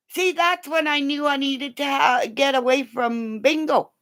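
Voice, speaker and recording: Woman, middle-aged, chatty live-stream host; high, lively voice, slow and easy delivery. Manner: excitable, gasps and laughs often, chatty. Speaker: livestream host. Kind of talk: casual live-chat stream.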